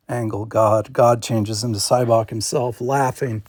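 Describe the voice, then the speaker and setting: Man reading script directions, slow and plain, dry close sound. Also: mid-range voice, no room sound. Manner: plain, steady stage directions. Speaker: script reader. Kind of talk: reading a screenplay aloud.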